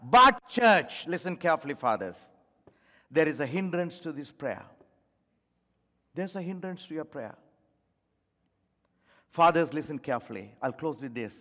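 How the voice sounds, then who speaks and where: A man's voice: on the high side, very animated, measured pace, long pauses, pushed and bright. A man preaching a sermon as pastor to his church, pleading with the congregation and repeating phrases for emphasis. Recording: long reverb of a large hall.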